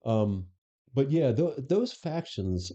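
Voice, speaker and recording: A man's voice: mid-range voice, sing-song, slow pace, mellow. A man, a former police chief, candidly recounting experiences in a conversational interview. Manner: candid, anecdotal, frequent restarts. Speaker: former police superintendent, guest. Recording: dull lo-fi podcast audio.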